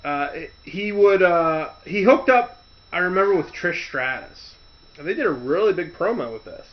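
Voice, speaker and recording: A man's voice: high voice, expressive, moderate pace. Rambling man ranting in lo-fi audio. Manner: rambling, loose storytelling with restarts and loud shouted impressions. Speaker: podcast host. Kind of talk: casual rant. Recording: dull lo-fi audio.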